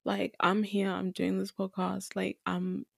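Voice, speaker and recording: A woman's voice: mid-range voice, completely flat delivery, measured pace, creaky, dry recording. Young female podcast host, earnest and teary, dry close sound. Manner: earnest, emotional, repeats herself for emphasis. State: tearful at times. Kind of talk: candid solo podcast talk.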